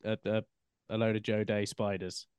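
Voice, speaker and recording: A man with a lowish voice hosts a football podcast, leading quick, laughing banter with his co-hosts. The sound is dry and close to the mic. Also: level tone, a little mellow, clean tone, no echo. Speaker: podcast host. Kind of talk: casual chat.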